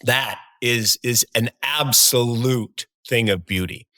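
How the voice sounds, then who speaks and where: An upbeat male podcast co-host with a bright, forceful voice, chatting excitedly about charts and old stories. The sound is dry and close, with no room echo. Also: mid-range voice, slow pace. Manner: enthusiastic, animated storyteller. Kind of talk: casual market talk.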